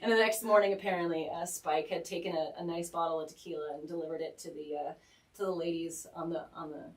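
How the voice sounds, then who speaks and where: A woman as a radio guest, telling a rambling story with animated, laughing delivery and lots of "like" fillers. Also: on the low side, quick pace, roomy sound, recorded from a distance, poor audio. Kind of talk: casual storytelling. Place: radio studio.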